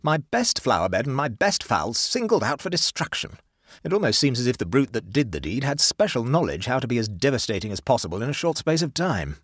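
A man reading aloud, voicing an agitated, indignant country gentleman in a story. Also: medium pitch, very animated, a little fast, husky, dry recording, clean studio sound. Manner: indignant, fuming.

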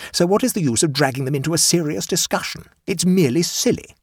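A man voicing a sceptical gentleman who speaks impatiently and scornfully, dismissing his friend's talk as nonsense. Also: on the high side, fast, slightly rough, dry recording, studio quality, voice pushed up.

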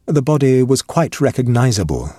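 A man reads a ghost story aloud with lively, expressive intonation. His voice has a husky edge, and the recording is dry and close. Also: mid-range voice, normal speed, dry recording, soft background music. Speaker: narrator. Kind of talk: audiobook reading of a ghost story.

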